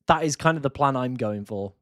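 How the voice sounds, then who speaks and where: A man's voice: medium pitch, a little fast, a bit bright, no room sound, studio quality. A man, casually answering chat questions on a live stream. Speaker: fantasy football streamer.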